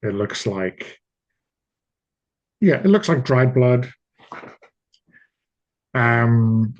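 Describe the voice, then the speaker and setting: A man running a tabletop game as game master, describing the scene slowly and hesitantly with many fillers. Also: medium pitch, lively intonation. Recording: dull lo-fi audio.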